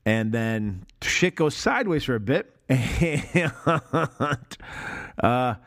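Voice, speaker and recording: A man in his forties co-hosting a casual film podcast, animated and profane, acting out quotes and laughing as he goes. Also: mid-range voice, extremely slow. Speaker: podcast co-host.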